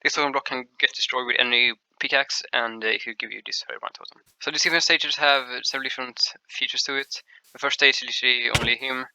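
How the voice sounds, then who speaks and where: A man giving casual gameplay commentary as a showcase host, explaining in a halting, rambling way with frequent restarts. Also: medium pitch, steady tone, pushed and bright, clean tone, dry recording, rough recording.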